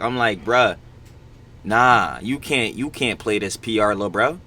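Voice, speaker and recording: A young man giving casual, slangy commentary as the host of a reaction channel. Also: fairly low pitch. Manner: slangy, fast and animated.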